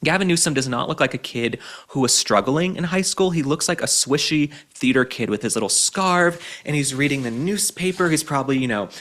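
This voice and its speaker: A man hosts a political commentary show at a mid-range pitch. He talks in a sarcastic, combative way and keeps mocking his target. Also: lively intonation, fairly quick, few pauses, a bit bright.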